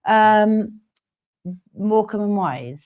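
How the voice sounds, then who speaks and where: A woman's voice: medium pitch, lively intonation, slow pace, highs cut off. A woman co-hosting a live web show, laughing and teasing her co-host in playful chat. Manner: giggly, teasing, jokey.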